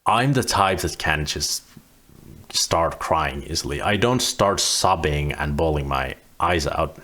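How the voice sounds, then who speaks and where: A man's voice: rumbling low, a bit bright. A man in his thirties talking candidly to camera in a casual vlog, swearing freely as he goes. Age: 30s. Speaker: vlogger.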